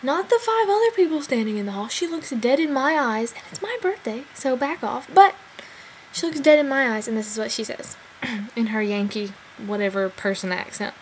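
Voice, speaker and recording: A woman in her twenties telling a funny personal story in a chatty, animated way with big swings in pitch. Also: moderate pace, a little hiss or hum, low-quality recording. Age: 20s.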